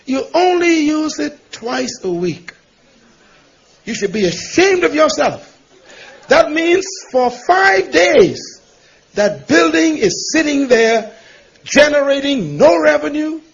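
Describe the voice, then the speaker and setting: Male pastor, emphatic preaching, very high and gravelly, muffled lo-fi recording. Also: animated, a little slow. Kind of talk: sermon. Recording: dull lo-fi recording.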